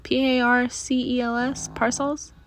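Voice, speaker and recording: A young woman talks alone into her mic for her podcast, rambling with fillers and sighs. She speaks slowly, and her voice sits in the middle range for a woman. The sound is dry and close, with no room around it. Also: medium pitch, lively intonation, a bit bright, no room sound. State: allergies. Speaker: podcast host. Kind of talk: casual solo podcast chat.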